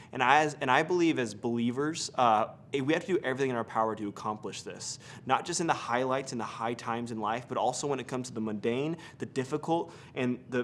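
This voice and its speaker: A male pastor from Arizona delivering a brief devotional sermon at a middle pitch. He tells stories in a relaxed, lively way and drops easy slang into his talk. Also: slight background noise. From Arizona, USA. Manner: casual, animated storyteller with relaxed slang.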